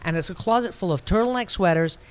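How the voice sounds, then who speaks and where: A man's voice: high-pitched, fast, clean tone. A man co-hosting a podcast, joking and rambling through casual chat. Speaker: podcast co-host.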